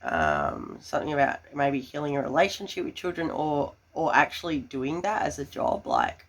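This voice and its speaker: A woman giving a tarot reading, gushing and full of fillers, breaking into excited laughter. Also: sits low, moderate pace. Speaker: tarot reader.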